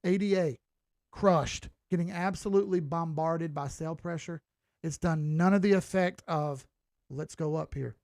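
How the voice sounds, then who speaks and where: Walking casually through price charts, a chatty, folksy middle-aged crypto analyst from the Southern United States swears now and then in his drawl. His slightly high voice is gravelly, fry-laden, and a little mellow. The sound is close and dry, without room echo.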